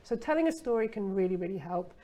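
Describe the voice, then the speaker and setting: A woman's voice: medium pitch, lively intonation, quick pace, dark tone. A middle-aged woman giving a casual copywriting masterclass, chatty and playful, with rhetorical asides to her listener.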